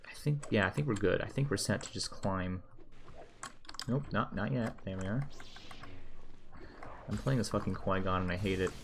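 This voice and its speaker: A man's voice: on the low side, normal speed, vocal fry, long pauses, noisy background. A young man streaming a video game, muttering casual, profane, sarcastic commentary as he plays.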